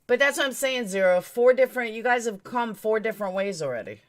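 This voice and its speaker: A woman's voice: on the high side, lively intonation, fast. A woman hosting a true crime live stream, talking straight to her chat in a blunt, emphatic, opinionated way.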